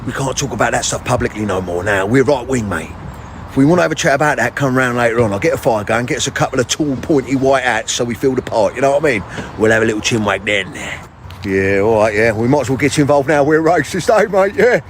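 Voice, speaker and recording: A man playing a slow, deadpan working-class bloke who mutters his lines. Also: mid-range voice, slight background noise, close to an everyday voice. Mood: conspiratorial. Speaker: comedy sketch performer. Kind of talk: comedy sketch acting.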